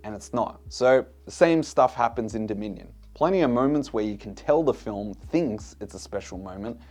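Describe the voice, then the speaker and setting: A man's voice: mid-range voice, expressive, normal speed, darkish tone, soft background music. A man giving a casual film review in a blunt, exasperated way, swearing freely.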